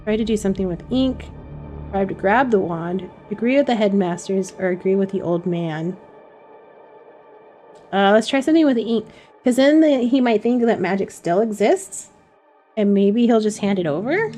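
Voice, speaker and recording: A woman's voice: mid-range voice, moderate pace, faint music behind. A woman hosting a let's play, reading a narrative game aloud and reacting with casual asides. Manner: lively, laughs and reacts to the text.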